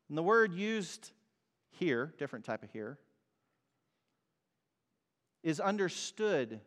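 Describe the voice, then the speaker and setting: A man preaching a sermon as pastor, emphatic and swinging from loud cries to quiet words. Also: on the high side, very animated, takes it slowly, long pauses. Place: church hall. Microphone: mic over speakers. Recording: long reverb of a hall.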